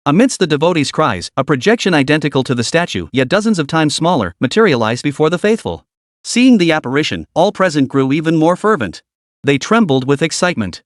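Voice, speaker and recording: A man narrating a scripted story recap in a dramatic, fast-moving way. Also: on the high side, sing-song, no echo, clean studio sound.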